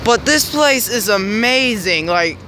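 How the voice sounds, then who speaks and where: A young man with a high, light voice narrates a handheld vlog while walking a snowy city street. He rambles cheerfully and often stalls to search for words. Traffic and street noise run loudly behind him. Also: animated, slow pace. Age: young adult. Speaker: vlogger filming his family walk. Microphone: handheld camera.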